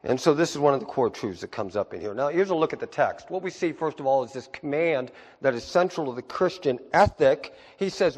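A man preaching a sermon as pastor, moving from low asides to high, emphatic peaks. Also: lively intonation, brisk, few pauses, a little mellow, big-room sound.

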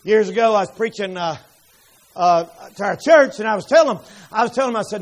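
A man preaching a revival sermon in a strikingly high voice. He tells his stories in a folksy, plainspoken way and rises into fervent shouting as he drives each point home. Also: fast. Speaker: pastor. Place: church sanctuary.

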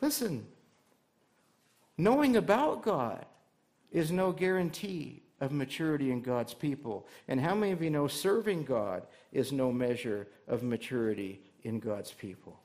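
A man's voice: medium pitch, animated, unhurried, a little mellow. A male pastor delivering a conversational sermon to his church, asking the congregation rhetorical questions and adding light humor.

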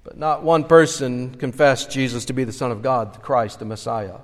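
A man's voice: medium pitch, moderate pace. A man preaching a sermon as pastor, earnestly retelling scripture scenes in expository style. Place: church sanctuary. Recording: long church reverb.

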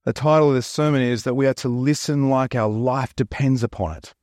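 A man's voice: medium pitch, brisk, a little mellow, dry recording, studio quality. A man with an Australian accent preaching a sermon, telling stories and jokes in a chatty, conversational way. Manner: chatty, joking storyteller. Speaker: pastor.

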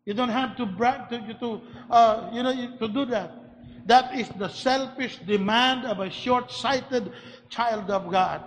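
A man preaching a sermon, rising from quiet talk into shouted emphasis and often restarting words as he builds his points. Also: extremely high pitch. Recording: long hall reverb.

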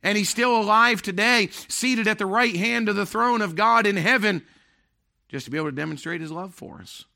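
Pastor, male, mid-high bright voice; emphatic preacher, loud-to-hushed swings. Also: moderate pace, creaky. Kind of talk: sermon.

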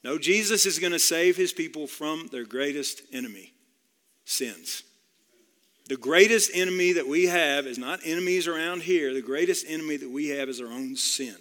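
A man's voice: on the high side, normal speed, fairly bright tone, long reverb tail. A man preaching a sermon in an earnest way, repeating key phrases and appealing directly to his listeners. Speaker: pastor.

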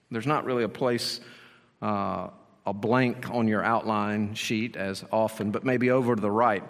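A man's voice: lowish voice, fairly even intonation, measured pace, in a large hall. A man preaching a sermon as pastor, explaining the passage with rhetorical questions and repeated phrases.

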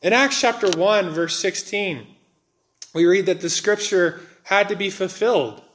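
A man with a fairly high voice delivers a sermon as a pastor. He is earnest, and he stretches out the words that matter most. His speech is steady and measured between those stressed words. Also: slight background noise.

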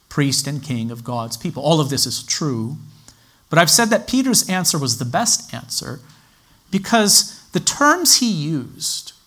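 A man teaching a sermon in a measured, explanatory way, citing scripture references as he goes. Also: a little high, fairly bright tone. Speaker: Bible teacher.

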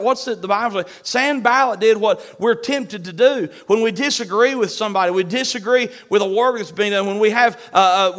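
A man preaching a sermon in an emphatic, animated manner, with a shifting pace. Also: high-pitched.

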